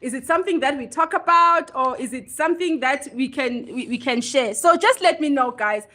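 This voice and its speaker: A woman's voice: high voice, moderate pace, sharp tone. A woman hosting a casual livestream chat, talking to viewers and answering their comments as she goes, laughing at herself now and then. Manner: chatty, reads and answers viewer comments aloud; laughs easily, self-deprecating. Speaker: livestream host.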